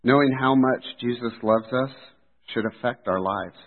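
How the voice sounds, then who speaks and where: A man preaching a sermon in an earnest, steady delivery. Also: medium pitch, moderate pace. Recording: tinny phone-like sound.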